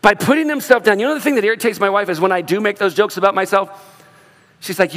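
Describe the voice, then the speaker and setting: High-voiced man preaching in a hall. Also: racing. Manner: animated preaching, acts out quoted voices. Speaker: pastor. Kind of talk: sermon. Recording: long reverb of a large hall.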